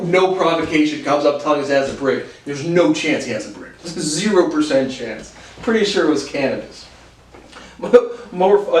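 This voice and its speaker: A young man hosts a podcast, telling casual stories with lots of laughs, restarts, and fillers. His voice is fairly high with a darkish tone, recorded roomy and distant from the mic with slight background noise.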